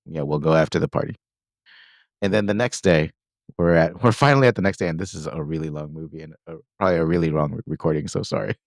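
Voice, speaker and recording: A deep-voiced, fast-talking podcast co-host casually retells a movie, quoting lines and dropping lots of fillers. The studio sound is clean, with no echo.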